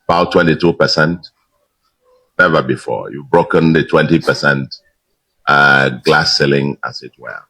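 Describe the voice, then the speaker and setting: Older man, extremely low voice, emphatic victory speech, slow deliberate pauses. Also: pushed and bright, poor audio. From Nigeria. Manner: measured, emphatic, with pauses and fillers. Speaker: governor.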